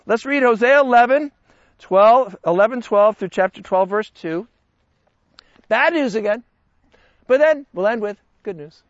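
A man teaching a Bible study class in an animated, conversational way, joking with his listeners. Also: sits high, a little slow, long pauses, no echo, muffled recording.

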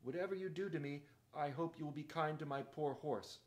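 A man's voice: fairly high pitch, slow pace, a bit bright, voice pushed up. A man voicing a polite young prince who is injured and feeble.

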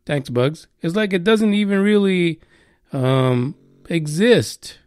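Male podcast host, irreverent and profane, loose rambling delivery, slightly high pitch. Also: lively intonation, slow pace, a little mellow, clear, resonant tone, dry recording, studio quality. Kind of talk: casual news chat.

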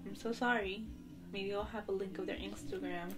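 A woman's voice: medium pitch, fairly even intonation, moderate pace. A young woman chatting casually to camera in her bedroom, rambling and giggling between asides. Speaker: vlogger. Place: bedroom at home. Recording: music playing in the background.

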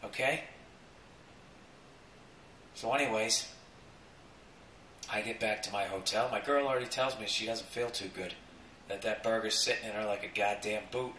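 A man hosting a podcast, telling a profane comic story with sudden loud outbursts. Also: fairly low pitch, normal speed, pauses often, roomy sound, distant mic, slight background noise, rough recording. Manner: profane, animated, jumps into loud acted quotes. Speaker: podcast host. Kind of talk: comedic storytelling monologue.

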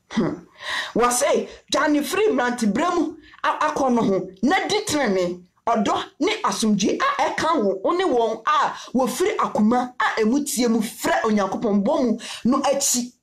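A woman's voice: on the high side, reverberant. A woman preaching a sermon in Twi with English phrases, repeating her key lines again and again. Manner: repetitive call-and-response preaching, mixing Twi with English phrases. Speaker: prophetess preacher.

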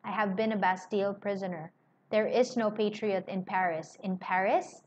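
A woman's voice: mid-range voice, steady tone, normal speed, lightly acted. A woman voicing a confident elderly male doctor who speaks with cool assurance. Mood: assured. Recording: slightly muffled with faint hiss.

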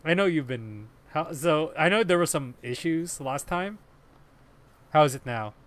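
Young dude on a podcast, talks slow, laughs a lot, swears. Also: male voice, on the high side, expressive, a bit bright. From Philippines. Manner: laughs often, repeats himself, swears freely. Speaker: podcast co-host. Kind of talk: casual chat.

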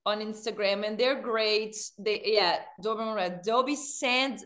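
A woman with a Brazilian Portuguese accent, a podcast guest chatting in an animated way and laughing often. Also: medium pitch, unhurried. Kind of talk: casual chat.

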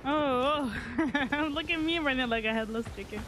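A young woman giving casual, excitable commentary over her own gameplay as a gaming streamer, swearing freely and humming between sentences. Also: high-pitched, moderate pace, background noise.

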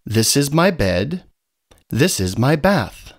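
A cheerful young dolphin chats about his brothers and home, a man voicing him. He talks slowly in a lifted, sing-song storybook voice with big swoops in pitch. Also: sing-song, exaggerated voice.

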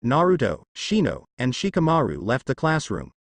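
A man reading fan fiction aloud as narrator, in a lively, sing-song delivery. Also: medium pitch, normal speed, no echo.

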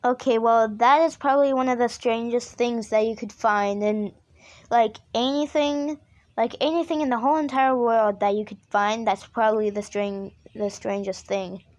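Reaction host: woman, high voice, slow, frightened pleading, dull lo-fi audio. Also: steady tone, darkish tone. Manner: frightened, pleading with the screen, repeating herself. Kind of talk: casual reaction commentary.

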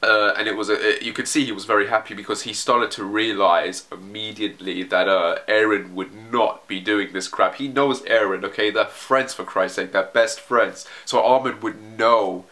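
A man's voice: on the low side, steady tone, normal speed, few pauses, bright, forceful tone. A man casually commenting on a manga chapter as he reads, rambling and swearing, with frequent restarts. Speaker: manga reaction video host.

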